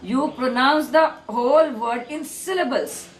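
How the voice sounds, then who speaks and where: A woman speech therapist with an Indian English accent gives firm, patient instructions, repeating questions and spelling words out letter by letter. Her voice sits a little high. The room is echoey, with a faint hum behind her. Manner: firm, repetitive coaching, spelling out letters slowly. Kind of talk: one-on-one speech therapy lesson.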